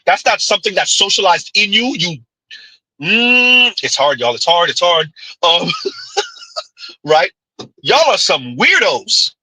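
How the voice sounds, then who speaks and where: A man's voice: high-pitched, animated, a little slow, long pauses, bright, forceful tone, no echo, rough recording. A man giving a ranting commentary vlog, blunt and preachy, with sarcastic laughs and rhetorical asides. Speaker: commentary vlogger.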